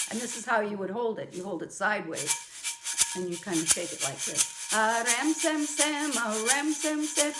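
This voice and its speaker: A woman music teacher giving a gentle lesson to young children, chanting rhythm syllables and singing now and then. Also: mid-range voice, roomy sound, background noise.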